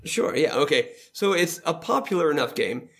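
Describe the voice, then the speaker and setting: A man hosts a casual roundtable about games. His voice sits slightly high for a man and has a gravelly, fry-laced edge. He steers the talk and laughs easily. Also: sing-song, moderate pace, fairly bright tone. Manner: leads the discussion, laughs easily. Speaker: podcast host.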